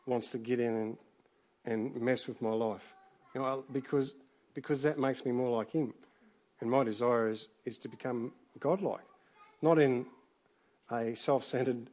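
A middle-aged man preaching a sermon in a relaxed, conversational way, full of restarts and asides. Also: medium pitch. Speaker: pastor.

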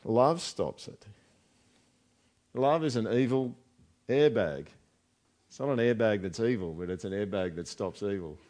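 A man's voice: fairly low pitch, animated, measured pace, long pauses, a little mellow. Man preaching conversationally. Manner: conversational preaching with rhetorical questions. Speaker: pastor. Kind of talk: sermon.

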